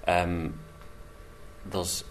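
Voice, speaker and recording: A man, an actor, talks about his character in a measured way, searching for words. His voice is very deep, with a faint hum of ambience behind. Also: monotone. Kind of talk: interview.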